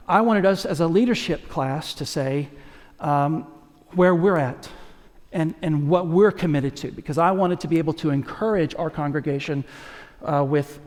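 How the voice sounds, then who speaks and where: A man preaching as lead pastor in a conversational, energetic way, joking and talking to the congregation as he goes. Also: a little high. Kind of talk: sermon. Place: church sanctuary. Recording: long hall reverb.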